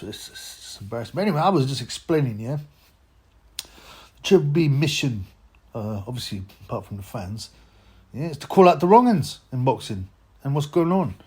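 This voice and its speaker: A man's voice: mid-range voice, dark tone, husky. A man hosting a boxing channel, talking in a rambling, mocking rant with lots of stammered restarts. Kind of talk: casual rant to camera.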